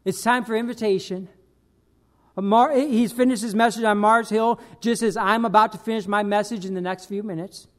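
A man preaching a sermon as pastor, emphatic, swinging between loud bursts and quiet dropped lines. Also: high voice, fairly even intonation, normal speed.

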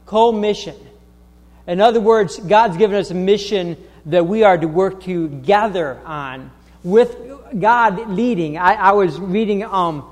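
A male pastor with a high voice preaches in a church, his words ringing with a long hall reverb. He speaks haltingly, restarting phrases and filling gaps with "uh" and "um". He presses his points with growing insistence. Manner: halting, with many restarts and fillers; grows emphatic and insistent. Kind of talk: sermon. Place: church sanctuary.

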